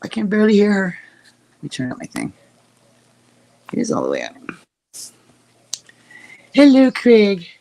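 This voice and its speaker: A woman's voice: medium pitch, wildly swooping pitch, a little slow, creaky, long pauses, mellow. A woman streaming live, chatting casually and joking as she greets viewers by name. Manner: jokey, rambling, greets chat by name.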